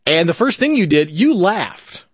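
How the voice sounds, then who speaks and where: A man's voice: high voice, big pitch swings, measured pace, breathy edge, no echo, dull audio. Joking man hosting a podcast. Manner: jokey, laughs often, storytelling. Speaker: podcast host. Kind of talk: casual chat.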